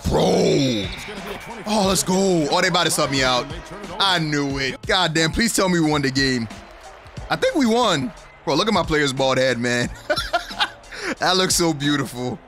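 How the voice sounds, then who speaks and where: A young man giving excited commentary on his own basketball video game play, hyped and laughing at the plays, with game music behind him. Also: fairly high pitch, measured pace, pauses often. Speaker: gaming YouTuber.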